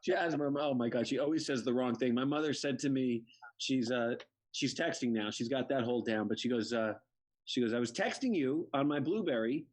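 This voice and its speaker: A man from Connecticut, a comedian, tells funny family stories over a video call, his mid-range voice moving a little fast. He packs the anecdotes with quoted voices and does playful impressions of his mother.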